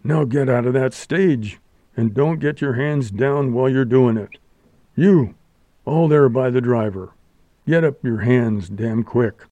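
Man playing a deep-voiced old-West bandit, gruff and commanding, storybook reading. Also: a little slow, mellow, no room sound, lo-fi sound, natural voice. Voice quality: deep heavy voice. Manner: curt commanding orders. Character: gruff masked male bandit, cool and menacing.

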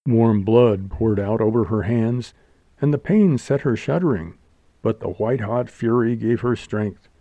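Dark-voiced male audiobook narrator. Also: fairly low pitch, unhurried, no room sound. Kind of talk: scripted narration.

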